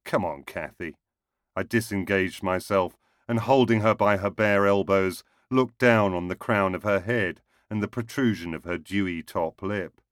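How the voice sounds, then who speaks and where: A man's voice: lowish voice, moderate pace, few pauses, no room sound. A man reading a first-person short story aloud in a dry, wry manner. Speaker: narrator.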